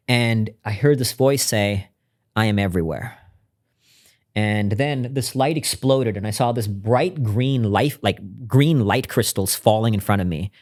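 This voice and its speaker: A man as a podcast guest, telling a personal story in an earnest, reflective way and often dropping to a hushed voice. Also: lowish voice. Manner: earnest and reflective, drops to a hushed voice when recounting intimate moments. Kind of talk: conversational interview storytelling.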